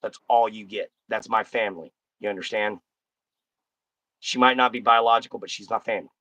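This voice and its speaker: A man's voice: lowish voice, steady tone, brisk, pushed and bright, no echo. A man hosting a casual live stream, talking bluntly and folksily straight to his chat.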